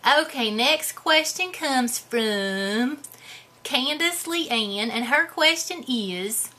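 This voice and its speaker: A woman's voice: high-pitched, lively intonation, very slow, sharp tone, heavily acted. A woman playing a goofy, boastful character in a comedy vlog, talking in a rambling, self-mocking way. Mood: playful. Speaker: vlogger answering viewer questions.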